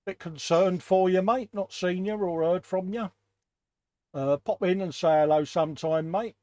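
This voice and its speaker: A chatty British man hosts a relaxed live stream and greets the chat with a slightly higher voice than most men. His sound is close and dry, with no room around it. He keeps it matey and easygoing throughout. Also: normal speed, no echo. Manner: chatty, greets viewers, calls everyone mate. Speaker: host.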